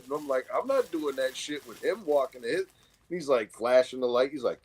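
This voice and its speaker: A middle-aged man with a New York accent, co-hosting a casual chat and telling animated stories full of swearing, acting out what people said. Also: fairly high pitch, fairly quick, a little hiss or hum. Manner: animated storyteller, acts out quotes, heavy swearing. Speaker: co-host.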